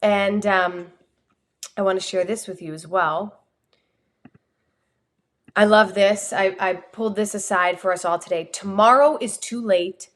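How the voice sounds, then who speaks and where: A woman with a New Jersey accent, a communication coach giving an energetic, expressive motivational talk on a livestream. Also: medium pitch, unhurried, long pauses. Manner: energetic, expressive, talks with her hands.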